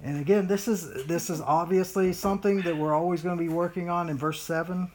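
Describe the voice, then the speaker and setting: This small-group Bible study leader teaches informally at an ordinary mid-level pitch, going a little fast over a faint hiss or hum. The delivery is lively and meandering, thick with fillers and restarts, and he keeps putting on whiny voices to drive points home.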